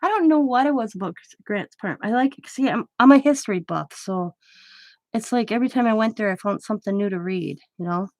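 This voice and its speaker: Brisk and expressive, this middle-aged craft vlogger has a fairly high, slightly mellow voice. She crafts while telling a rambling personal story in a chatty, casual way, laughing often and frequently fixing her words mid-sentence. No room sound, studio-quality audio.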